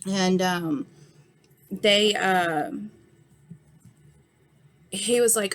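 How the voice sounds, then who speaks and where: A woman's voice: medium pitch, fairly even intonation, a little slow, bright, forceful tone. A woman in her thirties with an injured, swollen eye, frankly retelling an incident in a casual vlog. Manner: frank, heated retelling with many fillers. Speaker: vlogger. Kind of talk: casual storytime monologue.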